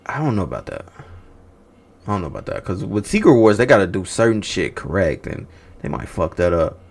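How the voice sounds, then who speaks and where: A man's voice: deep voice, very animated, brisk, gravelly. A man hosting a livestream, chatting casually with viewers, teasing them and swearing freely. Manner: profane, teasing, rhetorical banter. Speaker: livestream host reacting to movie news.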